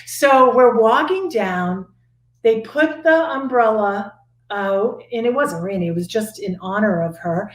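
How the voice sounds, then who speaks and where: A woman telling a story in casual chat, lively and laughing, acting out what people said. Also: medium pitch, measured pace. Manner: animated, laughing, acts out quotes. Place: Sedona, Arizona. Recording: echoey room.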